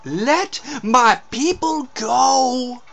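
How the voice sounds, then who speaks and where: A man's voice: very high voice, expressive, extremely slow, gravelly, fairly bright tone, pitched above the performer's own voice, heavily acted. A man voicing a dim-witted, grandiose male short order cook who is boastful but sheepish when scolded.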